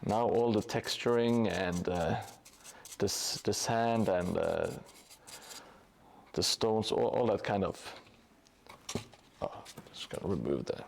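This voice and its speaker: A man's voice: on the low side, takes it slowly, vocal fry, long pauses, a little hiss or hum. A man live-streaming his terrain painting in a casual, hesitant way, with many fillers and restarts. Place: home hobby room above a gym.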